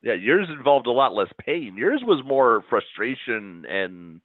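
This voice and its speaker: A man's voice: mid-range voice, very animated, unhurried, dry recording. Dry-humored man, phone-like audio. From central Wisconsin. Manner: dry, wry joking. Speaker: podcast co-host. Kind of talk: casual chat. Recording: tinny phone-like sound, dry.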